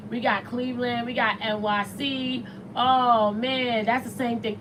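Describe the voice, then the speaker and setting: Brief: woman host, chatty and slangy, slightly high voice, faint noise behind. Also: a little slow. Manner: chatty and animated, slangy, reads viewer comments aloud. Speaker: morning show host. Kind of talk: casual talk show chat.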